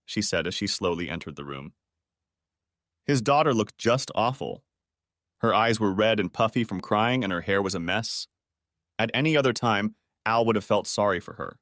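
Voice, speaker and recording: A man reading a first-person story aloud as an audiobook narrator. His delivery is lively, with a wide pitch swing, and the recording is dry and close with no room sound. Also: moderate pace, no echo.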